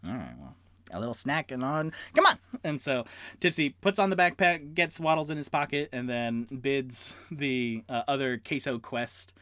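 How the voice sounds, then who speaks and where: A man's voice: mid-range voice, normal speed, no room sound. A man streaming live from his room at home, narrating a tabletop game as dungeon master and rambling to his chat. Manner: animated, rambling, talks to chat. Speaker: dungeon master and solo player.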